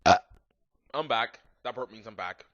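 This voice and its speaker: A man's voice: medium pitch, lively intonation, moderate pace, fairly bright tone, no room sound. Sarcastic man reading aloud. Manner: sarcastic, mocking asides. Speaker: comedic reader of a bad fanfic. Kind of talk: comedic dramatic reading. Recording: dull lo-fi home mic.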